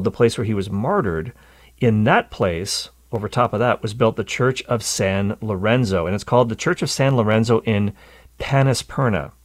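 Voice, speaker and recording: A man's voice: on the low side, no echo. A man hosting a call-in radio show, explaining things at length and laughing easily with callers. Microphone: studio microphone.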